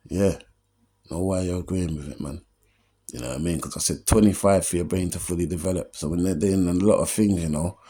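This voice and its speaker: A man's voice: low-pitched, dark tone, husky. A man, hosting his own opinion show as a comedian and giving an earnest, streetwise motivational monologue. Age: 40s. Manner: streetwise, earnest, keeps asking "you know what I mean?".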